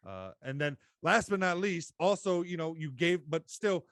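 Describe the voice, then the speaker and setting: A man hosting a podcast interview in casual chat, giving brief, measured responses with "uh" fillers. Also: a little high, animated, a bit bright, no echo, studio quality. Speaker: podcast host.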